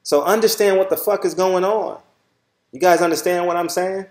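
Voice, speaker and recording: A blunt, preachy middle-aged man with a Southern Californian accent talks straight to his viewers and swears freely. His voice sits a little high for a man. The room around him rings with echo. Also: steady tone, normal speed. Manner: repeats "all right?" often. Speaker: channel host. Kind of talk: casual monologue to viewers.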